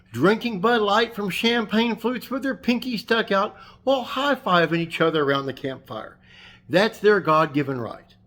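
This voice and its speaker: A man's voice: sits high, a bit bright. A man hosting his fishing channel, delivering a sarcastic, combative rant and telling a story. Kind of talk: ranting vlog monologue and anecdote.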